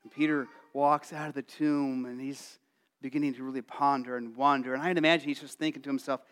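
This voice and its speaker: A male pastor preaching a sermon, telling the story in a lively way and acting out excited voices. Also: a little high, a little fast. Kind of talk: Easter sermon.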